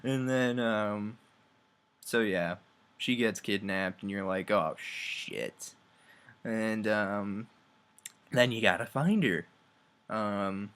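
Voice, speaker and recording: A man's voice: fairly low pitch, fairly bright tone. A young man recapping a video game's plot in a loose, offhand way, full of fillers and crude asides. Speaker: video game reviewer. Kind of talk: casual rambling plot recap.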